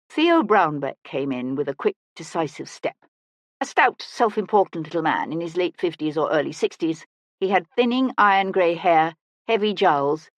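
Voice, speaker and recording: A narrator reading a historical mystery audiobook in a measured, expressive way. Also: mid-range voice, no echo.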